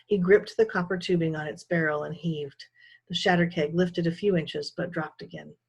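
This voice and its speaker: A woman, a teacher, reading a children's novel aloud with steady, expressive storytelling. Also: on the low side, moderate pace, slightly rough.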